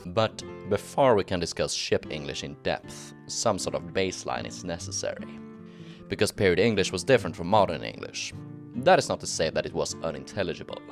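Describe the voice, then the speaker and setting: Deep-voiced man narrating history. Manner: explanatory, relaxed asides while drinking. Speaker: history channel host. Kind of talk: scripted history narration mixed with casual on-camera chat. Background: guitar music.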